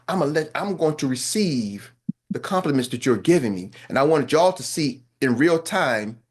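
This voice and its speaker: A man's voice: on the high side, husky. A man giving a motivational talk as a business coach, blunt and colloquial, repeating phrases for emphasis.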